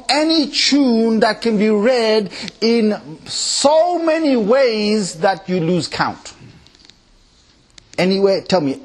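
Animated male preacher, slightly high voice. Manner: animated, jumps pitch to mimic tunes and voices; recites Quran in Arabic in varied melodies. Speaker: Islamic preacher. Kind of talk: lecture to a live audience. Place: mosque hall with audience.

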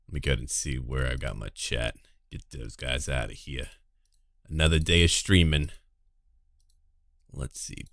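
A man streams a video game, chatting casually with viewers and cracking irreverent jokes to chat as he plays. His rumbling low voice has vocal fry, captured in a dry, clean studio recording.

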